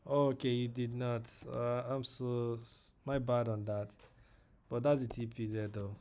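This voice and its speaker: A man talks through his trades on a live stream in a slow, easygoing way. His voice is mellow and dark. He repeats phrases often, adds fillers and talks straight to viewers in the chat. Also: mid-range voice, level tone. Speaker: forex trading streamer. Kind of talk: live trading stream commentary.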